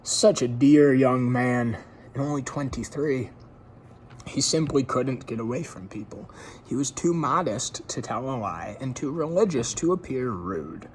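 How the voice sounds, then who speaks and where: Casual male reader, lively intonation, chatty, informal read-aloud. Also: mid-range voice, a little slow, slight background noise. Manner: relaxed, chatty asides to listeners. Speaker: story reader.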